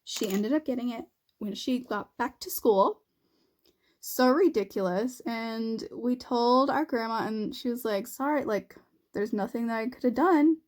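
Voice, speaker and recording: Animated young woman telling a story. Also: fairly high pitch, a little slow. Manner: animated, laughing, acts out quotes. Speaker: beauty vlogger. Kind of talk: storytime chat while doing makeup.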